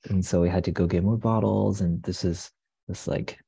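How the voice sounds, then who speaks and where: A young man and coffee shop owner, telling stories in a relaxed, rambling way with many fillers and restarts. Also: sits low, normal speed, creaky, slightly rough, no echo. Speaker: guest, coffee business owner. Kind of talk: casual interview storytelling.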